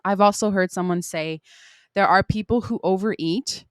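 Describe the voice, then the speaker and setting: A woman's voice: mid-range voice, normal speed, no room sound, clean studio sound. A young woman hosting her own podcast, talking candidly and emphatically in a casual monologue, full of "like" and swearing. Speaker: podcast host.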